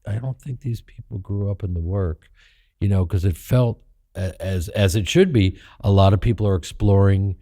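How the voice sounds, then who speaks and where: A middle-aged man with a low, dark voice tells candid stories in an interview. He is animated and profane, and he jumps higher when he acts out the people he quotes. The sound is dry and close to the mic. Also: normal speed, dry recording. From Chicago, United States. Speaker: guest actor and comedian.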